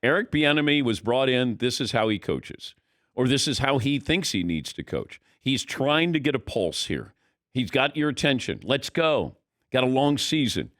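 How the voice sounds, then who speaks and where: A man in his sixties hosts a sports talk show, his voice swinging lively up and down as he rambles on. He talks in a loose, conversational way into a studio mic. The sound is close and dry. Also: mid-range voice, normal speed, no room sound. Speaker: radio show host. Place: radio studio.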